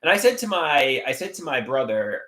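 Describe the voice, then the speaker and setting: Rambling, theatrical man with a lively voice. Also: moderate pace, echoey room. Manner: rambling, theatrical swings in pitch and volume. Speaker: livestreamer. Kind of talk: casual livestream chat reading comments.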